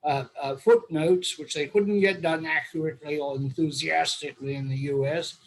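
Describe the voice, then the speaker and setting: A man's voice: a little high, steady tone, normal speed, low-quality recording. Older English man telling wry stories. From England. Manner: wry, humorous raconteur. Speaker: host. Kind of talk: anecdotal storytelling.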